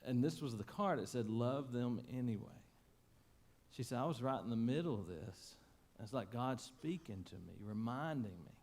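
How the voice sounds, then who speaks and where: A man preaching a sermon, telling a story in a folksy, emotional way that swings from loud to hushed. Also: mid-range voice, lively intonation, normal speed. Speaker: pastor. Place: church sanctuary.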